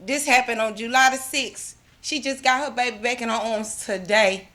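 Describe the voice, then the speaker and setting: A woman's voice: fairly high pitch, steady tone, moderate pace, bright, forceful tone, slight background noise. A middle-aged woman, giving a fervent personal testimony as a mother at an awards ceremony, repeating herself and restarting often. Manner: fervent, repetitive, restarts often, religious phrasing. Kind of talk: emotional personal testimony speech.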